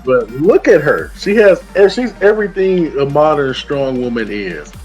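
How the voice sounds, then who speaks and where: A man's voice: fairly high pitch, sing-song, measured pace, a little mellow, soft background music. A man co-reviewing a show in casual chat, ranting with lots of profanity and acting out characters' lines as he retells the plot. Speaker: co-reviewer guest.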